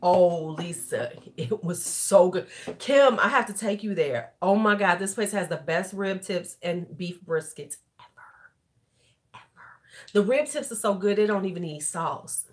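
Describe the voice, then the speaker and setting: A woman's voice: fairly low pitch, expressive, a little slow. A middle-aged woman hosting a casual beauty livestream, tipsy and chatty, swearing and laughing freely as she talks. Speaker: beauty YouTuber.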